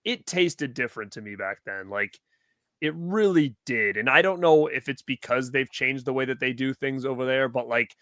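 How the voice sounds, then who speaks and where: A man in his thirties hosting a casual podcast chat, telling stories with lively acted-out quotes. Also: mid-range voice, moderate pace, no echo, clean studio sound. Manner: animated storytelling, acts out quotes. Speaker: podcast host.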